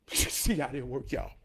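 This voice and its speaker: A man giving an emotional motivational monologue, fervent and preachy, cursing and laughing, swinging between loud outbursts and hushed talk. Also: very high-pitched. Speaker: motivational speaker.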